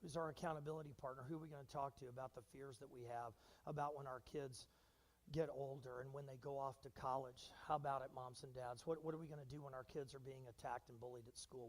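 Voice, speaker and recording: A man preaching a sermon as pastor, animated and engaging his congregation with questions and acted-out quotes. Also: medium pitch, quick pace, in a large hall. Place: church sanctuary.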